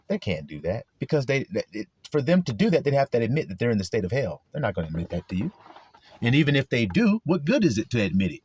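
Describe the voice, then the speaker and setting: A man's voice: mid-range voice, huge pitch swings, fairly quick, darkish tone, breathy edge, dry recording. A man preaching a sermon to his flock in a blunt, profane way, acting out quarrels in other people's voices.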